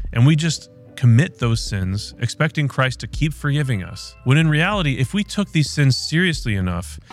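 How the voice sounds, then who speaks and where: An earnest man reads a gospel passage and reflects on it as a podcast host. He slows down for the quoted lines. Faint music plays behind his voice. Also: mid-range voice. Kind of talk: scripture reading and reflection.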